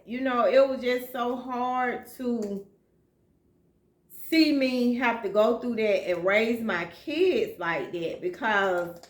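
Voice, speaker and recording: A woman with a slightly high voice tells her own story of single motherhood in a vlog, speaking slowly, plainly, and with heartfelt emotion. The room she's in sounds echoey.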